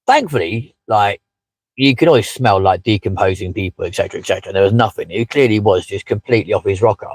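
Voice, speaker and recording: A man's voice: fairly low pitch, fast talker, husky, no echo, rough recording. A man hosting a casual live stream from inside a parked car, chatting with many fillers and asides as he reads out viewer comments. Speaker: livestream host.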